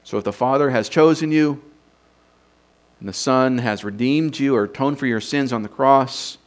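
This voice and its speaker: A man's voice: medium pitch, moderate pace. A man teaching from scripture in an unscripted sermon, thinking aloud and posing rhetorical questions to his listeners. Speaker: preacher teaching doctrine.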